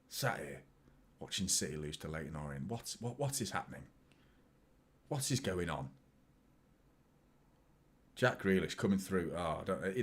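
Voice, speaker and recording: A man hosting a football watchalong, chatting casually and reacting live to the game, jumping between excited outbursts and low muttered asides. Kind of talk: live match commentary and chat.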